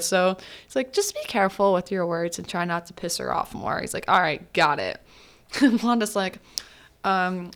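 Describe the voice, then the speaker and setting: A woman hosting a podcast, chatting casually through a movie recap, full of "like" fillers and quick asides. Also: expressive, fairly bright tone. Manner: acts out characters' lines with pitch swings. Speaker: podcast host.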